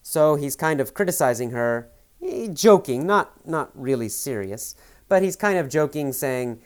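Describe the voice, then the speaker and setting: A man's voice: on the high side, sing-song, measured pace. A man teaching English, retelling a film scene and restating each idea in simpler words, with hesitant fillers. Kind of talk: explaining a film scene to learners.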